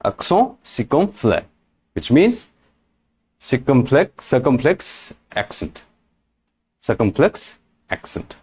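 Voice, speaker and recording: Man, language teacher, animated pitch, slow delivery, repeats every example. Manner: repeats each example several times, checks with "right?" and "correct?". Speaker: French teacher. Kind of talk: slow, repetitive language lesson.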